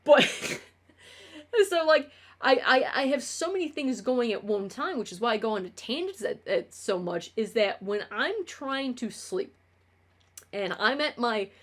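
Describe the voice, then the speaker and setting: A woman's voice: mid-range voice, a bit bright. Woman profane, word-tripping streamer. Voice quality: clutterer who trips over words. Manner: profane, rambling on tangents. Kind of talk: casual livestream monologue.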